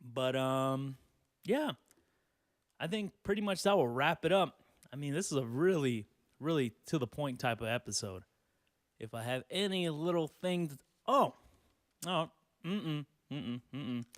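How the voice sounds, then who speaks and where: A man's voice: fairly high pitch, animated, measured pace, long pauses, dry recording, studio quality. A man in his twenties hosting a solo podcast, rambling and cursing casually and laughing as he talks. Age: 20s. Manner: rambling, profane, laughs often. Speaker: podcast host.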